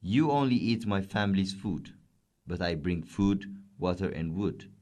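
A hardworking, proud camel speaks sternly in a children's storybook read-aloud, voiced by a man. The voice is low and swings widely in pitch. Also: animated, unhurried, darkish tone, slight background noise. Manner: stern and scolding.

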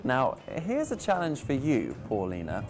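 A man teaching English pronunciation in a scripted lesson, playful and deliberate as he spells out words. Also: medium pitch, huge pitch swings, loud music behind the voice.

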